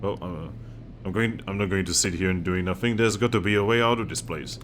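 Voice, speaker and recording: A man's voice: low voice, a little fast, a little hiss or hum, natural voice. A man voicing a thoughtful game companion.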